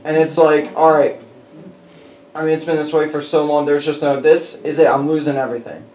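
A man preaching a conversational sermon, telling personal stories in an animated way and chuckling as he goes. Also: a little high, a little fast, far from the mic. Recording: echoey hall with faint background noise.

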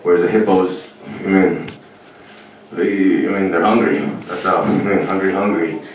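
Low-voiced Irish comedian in an echoey club. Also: male voice, normal speed, slight background noise. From Ireland. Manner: rambling and deadpan, with sudden shouts and yelps. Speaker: stand-up comedian. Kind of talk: stand-up routine. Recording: echoey club, mic heard from a distance.

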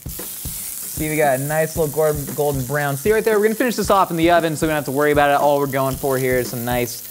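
A young man from Orange County, California, with a Southern Californian accent, talks fast in a fairly high voice against slight background noise. He hosts a cooking show in a studio kitchen, goofy, rambling, and self-mocking, laughing at his own puns.

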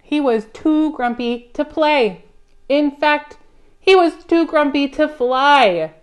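Librarian type for preschool storytime: woman, slow, highish, gentle and coaxing. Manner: gentle, coaxing, asks children questions. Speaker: children's librarian.

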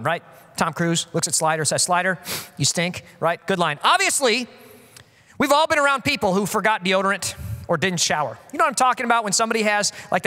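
In a church with a long reverb tail, a pastor in his thirties with a high voice preaches a sermon. He tells stories in an animated, joking way and acts out quotes.

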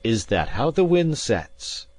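A man voicing a proud, fiery Jacobite gentleman in an audiobook, speaking forthrightly with a raised voice. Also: mid-range voice, big pitch swings, slow, no room sound, voice pushed up. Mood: challenging.

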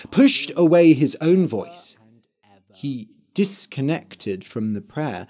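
A man narrating a scripted story for learners, slowly and expressively. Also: medium pitch. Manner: slow, clear and expressive.

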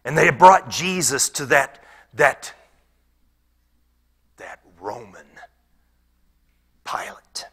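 A pastor playing a former rebel turned peaceful wood carver in a dramatic monologue, his gravelly voice often sinking to a whisper. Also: medium pitch. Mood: intense. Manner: storytelling that swings from hushed whispers to loud outbursts.

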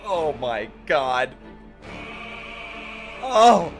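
A young man giving a live reaction to an anime, excitable and profane, with bursts of laughter. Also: fairly high pitch, extremely slow, gravelly. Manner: excitable, swearing, laughing outbursts. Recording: show audio and music behind. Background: anime soundtrack music.

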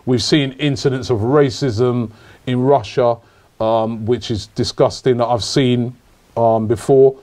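A man hosting a casual football podcast, telling jokey, repetitive, animated stories. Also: medium pitch, measured pace. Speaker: podcast host.

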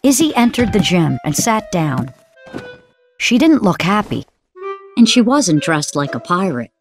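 Woman, low voice, lively intonation, children's story narration, warm and even, music behind. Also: a little slow.

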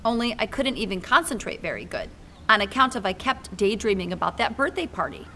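A woman reading a children's book aloud with expressive, lively storytelling. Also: medium pitch, brisk, a little hiss or hum.

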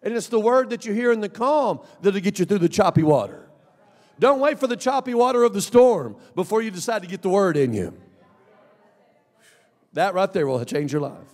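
A man preaching a sermon as pastor, swinging from loud shouts to low mumbled asides. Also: lively intonation, normal speed. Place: church sanctuary. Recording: long church hall reverb.

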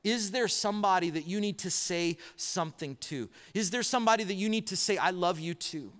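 A male pastor delivers a sermon, slowing into stories and stacking up rhetorical questions for the congregation. His voice sits a little high for a man and carries a long reverb from the church hall. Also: fairly bright tone. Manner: storytelling with pauses and rhetorical questions. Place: church auditorium.

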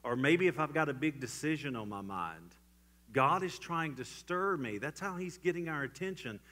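A man preaching a church sermon, swinging from loud emphatic lines to hushed, quiet ones. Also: a little high, expressive, moderate pace. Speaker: pastor. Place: church sanctuary.

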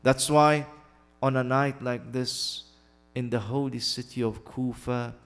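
A man's voice: mid-range voice, fairly even intonation, measured pace, big-room sound. A man preaching a mournful sermon, telling a sad story with Arabic phrases mixed in. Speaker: guest preacher. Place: mosque or community hall.

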